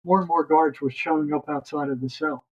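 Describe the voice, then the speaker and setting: Older male guest storyteller, husky voice, rambling restarts, muffled lo-fi audio. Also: on the high side, steady tone, brisk, a little mellow. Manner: rambling, repeats words as he restarts. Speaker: guest, retired psychotherapist. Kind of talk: long storytelling anecdote.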